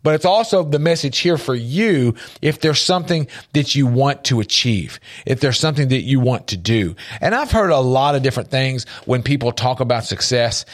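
A man co-hosting a faith-based talk show, telling stories with lively jumps in pitch. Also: moderate pace, hardly any pauses. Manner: animated storytelling, jumps up in pitch for quoted voices. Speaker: podcast co-host.

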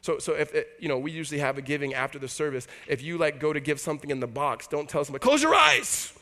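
Man, pastor, conversational sermon, animated, acts out quoted voices, slightly high voice. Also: rapid-fire. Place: church hall before a congregation.

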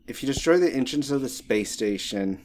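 A man running a casual tabletop role-playing game as game master, quick to exclaim at big rolls. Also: medium pitch, expressive. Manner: casual, reacts with loud exclamations.

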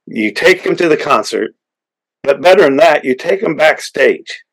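A man hosting a hunting podcast, telling a long story in a rambling way with many restarts and excited punchlines. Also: a little high, moderate pace, rough recording. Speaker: podcast host. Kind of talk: casual storytelling interview.

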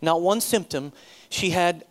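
Speaking a little slowly in a high-pitched voice, a middle-aged pastor recounts a personal story in his sermon. He acts out the dialogue, breaking into sudden loud bursts.

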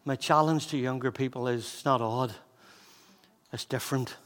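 A man's voice: medium pitch, steady tone, normal speed, in a large hall. Fervent man in his sixties preaching. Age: 60s. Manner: fervent, repeats phrases, swings from loud exhortation to hushed intensity. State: out of breath. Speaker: pastor. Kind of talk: sermon. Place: church hall.

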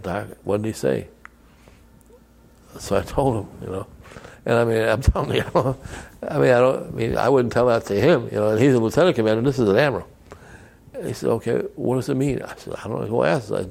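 A man's voice: fairly low pitch, vocal fry, darkish tone. An older man, a veteran, telling rambling anecdotes in an oral history interview and acting out the people he quotes.

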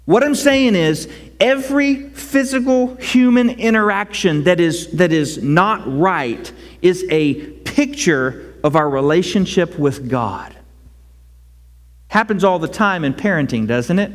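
A man preaching a sermon as pastor, conversational and animated, rising to loud cries. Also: sits high, unhurried. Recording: long hall reverb.

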